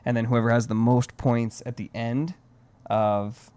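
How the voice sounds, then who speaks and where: A man in his thirties chats loosely on a podcast, drifting from one thought to the next and sprinkling "dude" and "man" throughout. His voice sits at an ordinary pitch, close and completely dry with no room sound. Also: little pitch movement, unhurried, dark tone, smooth, no echo. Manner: laid-back, rambling, says "dude" and "man" often. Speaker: podcast co-host. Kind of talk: casual chat.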